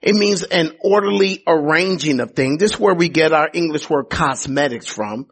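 A man's voice: on the high side, expressive, normal speed, a bit bright, slightly rough. A male pastor preaching a sermon, emphatic and repetitive, with teasing asides to the congregation. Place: church sanctuary.

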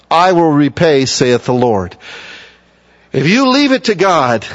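A man delivers a sermon, moving between reading scripture and explaining it in plain, emphatic asides. His voice sits a little high for a man. The recording is dull and lo-fi, with a long reverb trailing off in a large hall. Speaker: preacher.

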